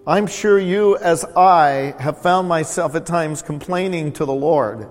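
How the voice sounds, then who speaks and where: A man preaching from the pulpit in a slightly raised voice, speaking plainly and circling back to repeat his key words. His voice carries a long reverb through the church hall, with soft music faint underneath. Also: on the high side, unhurried, few pauses. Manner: warm, conversational preaching with repeated emphasis. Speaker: pastor. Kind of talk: sermon. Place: church sanctuary.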